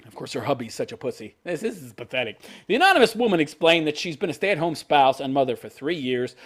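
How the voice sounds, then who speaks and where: A man's voice: fairly high pitch, big pitch swings, fast talker, few pauses. A man hosting his channel, ranting in profane, scornful commentary. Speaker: channel host.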